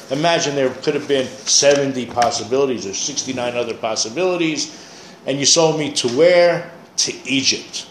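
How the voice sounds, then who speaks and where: A man's voice: fairly high pitch, a little hiss or hum. A man teaching a Bible class, explaining Hebrew words and thinking aloud as he goes. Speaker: Torah teacher. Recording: echoey room, faint ambience.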